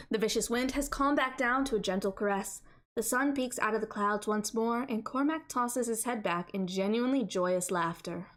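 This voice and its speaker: A woman streamer reading a visual novel aloud and riffing on it, animated and playful, repeating phrases for laughs. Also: fairly high pitch, normal speed. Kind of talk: let's-play commentary and visual novel narration.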